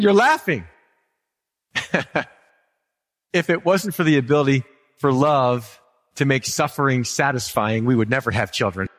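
A man's voice: medium pitch, expressive, normal speed, long pauses, a bit bright, in a large hall. A man preaching a sermon as pastor, conversational and humorous, asking the congregation questions.

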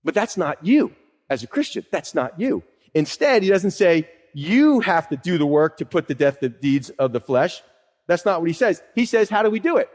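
A man's voice: fairly high pitch, sing-song, moderate pace, a little mellow. A man pastor preaching a sermon in a conversational teaching way, quoting scripture and asking rhetorical questions. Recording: long hall reverb.

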